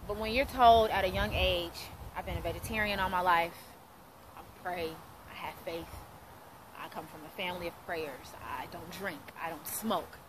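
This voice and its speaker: A woman's voice: fairly low pitch, normal speed, background noise. A woman in her thirties, a radio host, telling her personal testimony in an earnest storytelling way and acting out the voices in her story. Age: 30s.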